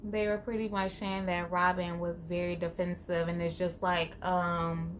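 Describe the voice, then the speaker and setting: A woman's voice: on the low side, measured pace, few pauses, a little hiss or hum. A woman hosting her own channel, recapping a reality TV episode in a casual, opinionated way with lots of fillers. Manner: animated, opinionated, filler-heavy. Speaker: channel host.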